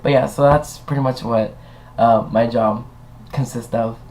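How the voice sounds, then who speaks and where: Brief: young male vlogger, sassy and animated, swears, plays every part of the argument himself. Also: medium pitch, measured pace, slight background noise. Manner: acts out both sides of an argument with voiced quotes. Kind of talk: casual storytime rant.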